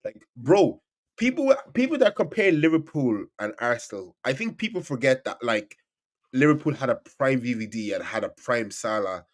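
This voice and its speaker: A man chatting casually about football as a podcast co-host, animated and full of stammered restarts. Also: mid-range voice, normal speed. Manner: animated, stammering restarts, swings loud and soft.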